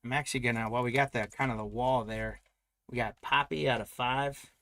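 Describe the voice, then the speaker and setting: A man's voice: medium pitch, steady tone, a little fast, fairly bright tone. Upbeat man hosting a card break. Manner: upbeat, chatty, congratulates buyers by name. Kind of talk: live card break commentary.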